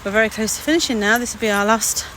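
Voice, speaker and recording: A woman's voice: fairly high pitch, rapid-fire, bright, forceful tone, a little hiss or hum, poor audio. A woman chatting casually in a daily vlog, rambling about her day while walking outdoors, sometimes out of breath. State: out of breath at times. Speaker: vlogger.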